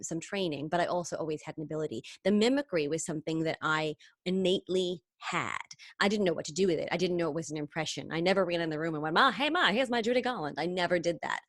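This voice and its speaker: A woman singer chatting in an interview, telling stories quickly and animatedly, full of tangents. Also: lowish voice, dry recording, clean studio sound. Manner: fast, animated storytelling with tangents and laughs. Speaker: singer and impressionist, interview guest. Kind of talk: casual interview chat.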